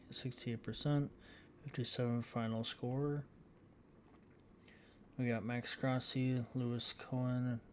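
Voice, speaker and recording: A man giving casual gameplay commentary as a channel host, reading out results haltingly with frequent fillers. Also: mid-range voice, darkish tone, a little hiss or hum. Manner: halting, reads out scores with many fillers.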